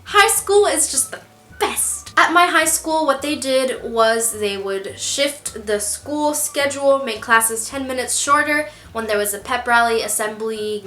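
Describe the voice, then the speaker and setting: A young woman with a high, bright voice tells her stories straight to camera, animated and poking fun at herself. Her voice rings off the walls of a small, echoey room. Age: young adult. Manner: animated, self-mocking, acts out quotes. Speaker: vlogger. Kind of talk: casual storytelling to camera.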